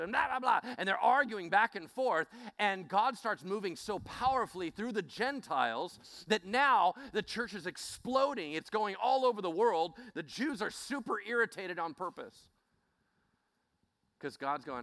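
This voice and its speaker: A male pastor preaching with a bright, forceful voice that swings widely in pitch. He sounds animated and conversational and keeps calling out questions to the congregation. His voice sits slightly high for a man. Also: moderate pace, no room sound. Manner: animated storytelling with call-outs to the congregation. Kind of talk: sermon.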